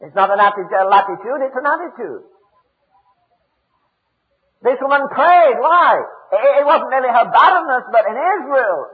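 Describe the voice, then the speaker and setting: A man preaching a sermon in a church, emphatic and repeating words as he drives his points home. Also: extremely high pitch. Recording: echoey hall, tinny phone-like sound.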